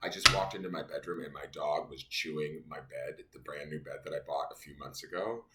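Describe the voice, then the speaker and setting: A man's voice: extremely low pitch, brisk, pushed and bright. A man giving a casual daily tarot reading, angry and venting as he explains the cards. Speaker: tarot reader. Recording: echoey room, faint noise.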